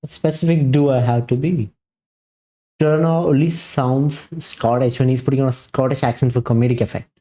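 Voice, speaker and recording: Indian man, Indian accent, reaction host, relaxed warm tone, casual filler-heavy commentary. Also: mid-range voice, a little fast. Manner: conversational, many "like" fillers.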